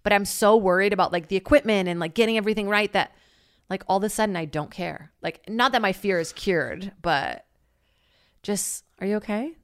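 A woman's voice: medium pitch, a little fast, dry recording, clean studio sound. A young woman telling stories in casual chat, rambling with lots of "like" and laughing often.

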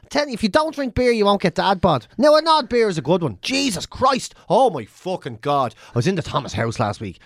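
An Irish man co-hosting a podcast in casual chat, swearing freely and launching into animated rants. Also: sits high, fairly quick, no echo, clean studio sound. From Ireland. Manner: swears constantly, animated rants with mimicked drum sounds. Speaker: podcast co-host.

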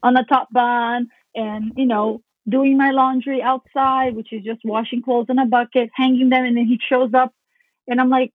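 A woman telling a personal story in a casual podcast chat, lively, swearing freely and acting out her own past thoughts. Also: high-pitched, fairly quick, dry recording. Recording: phone-like narrow band, dry.

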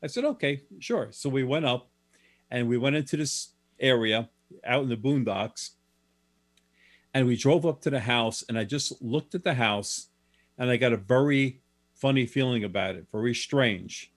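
A man who is an author telling stories as a guest in an interview, plain and matter-of-fact, with some restarts. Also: mid-range voice. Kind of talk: storytelling in a radio interview.

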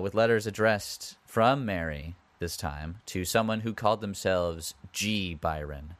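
A man's voice: sits low, a little slow, few pauses, no room sound. A man hosting a podcast, retelling history in a casual way with wry asides and conversational comments. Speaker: podcast host.

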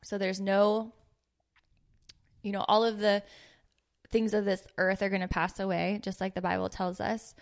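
A woman's voice: mid-range voice, flat delivery, normal speed, pauses often. A woman in her thirties hosting a casual faith podcast, earnest and playful, sometimes reading scripture aloud. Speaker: podcast host.

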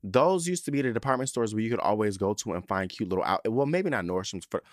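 Campy, animated man telling a story. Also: fairly low pitch, fast, no room sound, clean studio sound. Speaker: podcast host. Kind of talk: casual chat.

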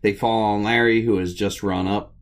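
A man casually recapping the plot of an old comedy short, chatty and relaxed, with many "uh" pauses. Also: lowish voice, creaky. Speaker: host of a film recap series.

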